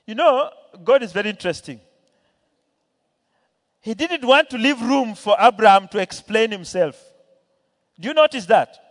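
A man preaching in a church hall, his voice sitting high for a man and ringing out with a long reverb. He tells a Bible story with swings in pitch and loudness, acting out the characters and calling questions to the congregation. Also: animated, moderate pace, long pauses. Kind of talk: sermon.

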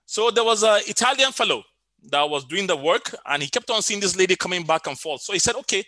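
Bright high-voiced man preaching. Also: expressive, fast, no room sound. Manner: storytelling preacher with many fillers and repeated phrases. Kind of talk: sermon over an online call.

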